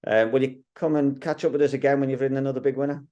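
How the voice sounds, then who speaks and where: A man's voice: mid-range voice, flat delivery, racing, darkish tone, muffled recording. A man presenting on a racing channel, interviewing a guest in a friendly, teasing, chatty way. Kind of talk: interview, casual chat.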